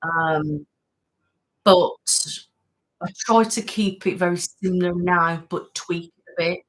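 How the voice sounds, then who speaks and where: Low husky woman chatting on a live stream. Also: takes it slowly, rough recording. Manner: chatty, thanks viewers by name, trails off. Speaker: ASMR channel host. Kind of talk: casual live-stream chat reading comments. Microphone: studio mic.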